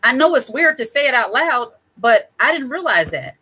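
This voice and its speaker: A woman's voice: high-pitched, very animated, moderate pace, pushed and bright, breathy edge. A woman in her thirties hosting her own channel, talking to camera in a candid, chatty way with small laughs and self-corrections. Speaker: channel host. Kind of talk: casual talk to camera.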